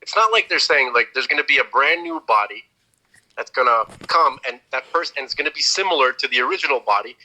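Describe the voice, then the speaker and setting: A man with a background talks through an idea in relaxed podcast chat, stumbling and repeating words as he thinks. His tone is very bright and sharp, at an ordinary pitch. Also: fast, low-quality recording. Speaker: podcast co-host. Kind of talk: casual chat.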